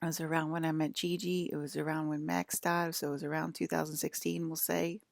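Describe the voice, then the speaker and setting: A woman's voice: deep voice, flat delivery, brisk, vocal fry, dry recording. A woman in her thirties from the US East Coast with an East Coast accent, rambling casually to her viewers, laughing often and sometimes dropping to a whisper. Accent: American East Coast. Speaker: vlogger.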